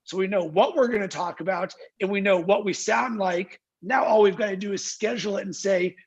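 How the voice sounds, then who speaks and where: A man's voice: high-pitched, a little fast, hardly any pauses, husky, muffled recording. A man speaking as a guest in an interview, talking emphatically, firing rhetorical questions and acting out what clients say. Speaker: guest, marketing agency founder. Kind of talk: energetic interview talk. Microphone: video call.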